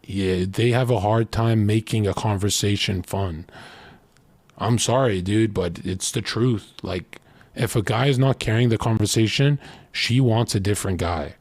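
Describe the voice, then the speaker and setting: A man's voice: on the low side, measured pace, darkish tone, dry recording. A man in his late twenties giving crude, boastful dating advice in a rambling casual monologue, often acting out what others say. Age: late 20s.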